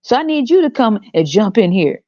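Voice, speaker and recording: A woman mocking a bitter, broke parent who yells and swears at her child. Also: mid-range voice, big pitch swings, brisk, no echo, lo-fi sound, voice pushed up, close to an everyday voice. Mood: bossy. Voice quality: mocking, profane, shouty.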